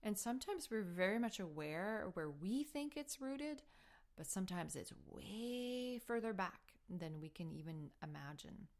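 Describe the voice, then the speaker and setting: A woman hosting a spiritual healing show, telling a personal story in an earnest, heartfelt way, sometimes dropping to a soft whisper. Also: mid-range voice, lively intonation, measured pace. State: emotional while telling the story. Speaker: spiritual healing podcast host.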